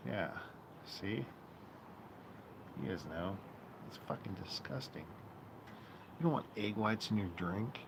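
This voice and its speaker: A man's voice: on the low side, animated, slow pace, long pauses, background noise. A man hosting a live stream, rambling through bar stories in casual, profane chat. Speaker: streamer host. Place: outdoor patio.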